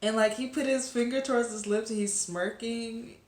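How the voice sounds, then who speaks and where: A woman's voice: fairly high pitch, fairly even intonation, moderate pace. Chatty woman vlogger in an echoey room. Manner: chatty, rambling with fillers and asides to viewers. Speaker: webcomic reviewer. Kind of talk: casual recap chat to camera.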